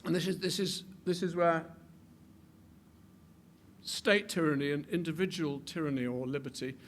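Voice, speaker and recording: A man gives a public talk in a fairly high voice, rising to forceful emphatic peaks. He often stumbles into repeated words and restarts sentences. Faint noise hums under the recording. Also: normal speed. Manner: animated, builds to emphatic peaks. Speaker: speaker.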